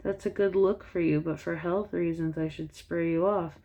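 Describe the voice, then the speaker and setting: A woman's voice: lowish voice, steady tone, moderate pace, gravelly, dark tone. A woman voicing a man who mocks dryly, in nearly her own voice. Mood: mocking. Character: gruff mocking adult man.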